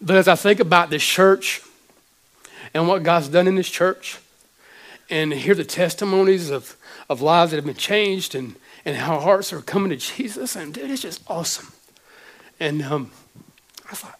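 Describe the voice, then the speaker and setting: A man in his forties, a pastor, preaching an emotional sermon with many halting restarts. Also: sits high.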